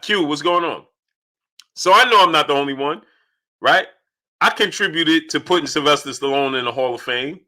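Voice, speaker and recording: Running a laid-back live stream, a man rapidly welcomes viewers in the chat by name, one by one, in an animated voice that sits on the high side.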